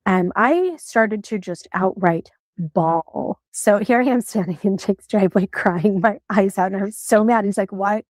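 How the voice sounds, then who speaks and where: A woman's voice: medium pitch, a little slow, darkish tone, no echo. A woman in her forties telling a personal story in an earnest, emotional way. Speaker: storyteller in a played clip. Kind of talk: personal story told to camera.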